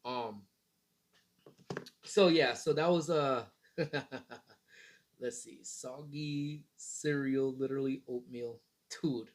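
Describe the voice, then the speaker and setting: A man's voice: medium pitch, slow pace, pauses often. A man in his thirties hosting a casual morning livestream, rambling in a laid-back way and swearing casually. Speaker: livestream host.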